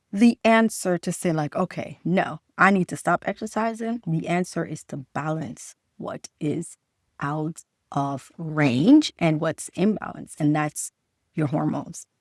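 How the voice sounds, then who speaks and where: A woman's voice: medium pitch, dry recording, studio quality. A middle-aged woman doctor giving a conversational health talk straight to camera. She fires rhetorical questions and repeats her key points for emphasis.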